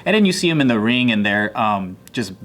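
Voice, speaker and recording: A man's voice: on the low side, sing-song, brisk, a bit bright. A man hosting a casual conversation, asking thoughtful, rambling questions full of restarts. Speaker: host.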